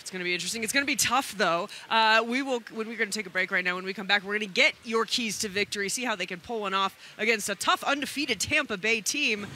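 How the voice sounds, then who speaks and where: A man hosting a sports talk show, steering the segment with brisk, upbeat questions to his guests. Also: high voice, pushed and bright, a little hiss or hum. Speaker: show host.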